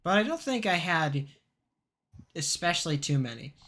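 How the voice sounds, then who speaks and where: A young man talks through a story on a podcast with a bright, forceful voice. His tone sits a little high for a man, and he rambles and restarts, filling gaps with ums and uhs. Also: very animated. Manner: rambling, halting storytelling with many fillers. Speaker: podcast co-host. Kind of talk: casual chat.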